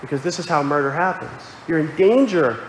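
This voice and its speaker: A man's voice: a little high, expressive, a little fast, a little hiss or hum. A man preaching a sermon, earnest and explanatory, quoting scripture aloud. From Connecticut. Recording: echoey hall with faint ambience.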